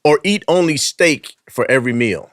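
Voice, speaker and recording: A man's voice: a little high, animated, normal speed, dry recording, studio quality. A man, a guest DJ and comedian, chatting playfully at a card game and throwing in sound effects. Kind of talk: casual chat.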